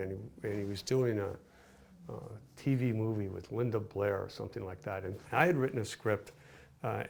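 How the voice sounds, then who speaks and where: Older man, low voice, gravelly, film director, rambling interview, restarts sentences. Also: darkish tone. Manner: rambling, with many restarts and fillers. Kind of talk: casual interview recollection.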